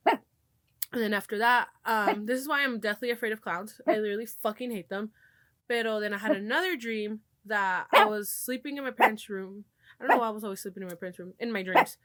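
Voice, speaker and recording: A woman's voice: mid-range voice, fairly quick, a bit bright, no room sound. A young woman hosting a podcast, telling stories in loose casual chat, swearing freely and slipping into Spanish. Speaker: podcast host.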